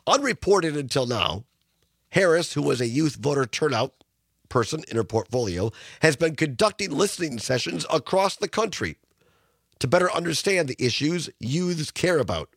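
A male radio talk show host with a rough, husky voice from a sinus infection, chatting casually and reading a news story aloud. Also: a little high, big pitch swings, moderate pace, no echo, studio quality. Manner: rambling, chatty, reads news stories aloud. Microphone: studio microphone.

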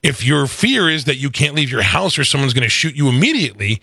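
A man's voice: medium pitch, sing-song, fast talker, creaky, sharp tone, husky, no room sound. A man co-hosting a casual political talk show, sarcastic, often restarting with repeated words.

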